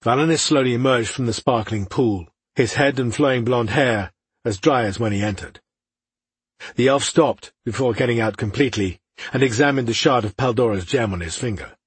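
A man narrating a fantasy audiobook in a measured, even, scripted delivery. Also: mid-range voice, breathy edge, no room sound.

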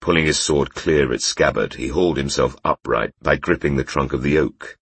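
A man narrating a fantasy story in a measured, unhurried way. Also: a bass voice, slightly rough, no room sound. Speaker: audiobook narrator.

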